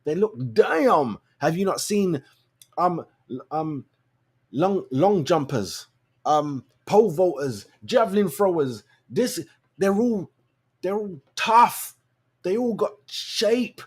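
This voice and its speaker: A man hosting a show, ranting his opinions in blunt, slangy, animated talk. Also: slow, breathy edge. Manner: animated, slangy and blunt, swings between low mutters and loud outbursts. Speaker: show host. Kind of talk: casual opinion rant.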